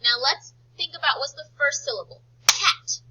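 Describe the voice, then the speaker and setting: A woman teacher leading a slow phonics lesson for young children, stretching out words for them to repeat and praising them often. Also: high voice, dull audio, background noise. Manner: slow, drawn-out word modelling and encouraging praise.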